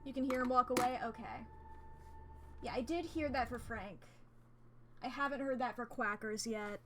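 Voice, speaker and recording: A woman streaming a game, chatting casually and excitably, swearing freely and rambling as she plays at a home desk setup. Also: a little high, normal speed, a little hiss or hum. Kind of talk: casual gameplay commentary.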